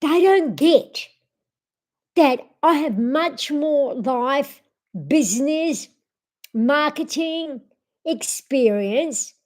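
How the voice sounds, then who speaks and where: A woman hosts a casual live chat with her viewers. Her voice sits high, and she speaks at an unhurried, drawn-out pace. She is dramatic and expressive as she talks. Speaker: vlogger.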